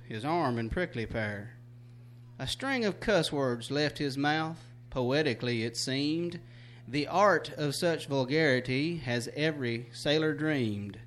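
A man reciting a rhyming cowboy poem on stage, then telling a folksy story in a drawl. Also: fairly high pitch. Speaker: cowboy poet performing.

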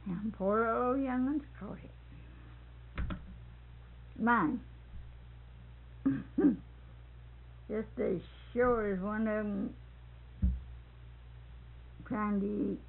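Drawing out her words and pausing often, this older woman speaks in a steady, creaky, mid-range voice. She laughs frequently while sharing family stories in a casual oral history, recorded on tinny old tape that sounds like a phone.

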